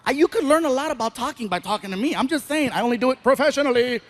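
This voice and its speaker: A middle-aged man performing a stand-up comedy routine, telling a story with animated delivery and acting out the voices. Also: extremely high pitch, racing.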